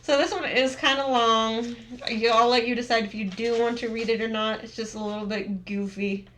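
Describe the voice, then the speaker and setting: A woman hosting a casual book club stream, reading poems aloud and chatting about them in a relaxed way. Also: on the high side, moderate pace, slight background noise.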